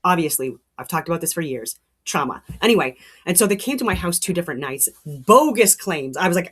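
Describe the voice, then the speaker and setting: Middle-aged woman host, rapid heated rambling monologue, lower voice. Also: animated, a bit bright, breathy edge. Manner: heated, rambling, swears, many restarts. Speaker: show host. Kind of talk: casual monologue.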